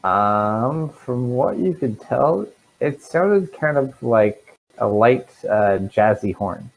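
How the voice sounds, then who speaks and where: A man at a medium pitch runs a tabletop game as dungeon master. He talks in a relaxed way, stopping on fillers as he describes the scene to his players over a voice call. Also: slow, creaky, rough recording.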